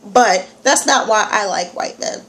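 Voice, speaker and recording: A young New York woman with a slight Southern country accent and a stuffy nose vlogs casually to her phone camera, chatting animatedly and digressing often. Her medium-pitched voice is a bit bright and a little slow.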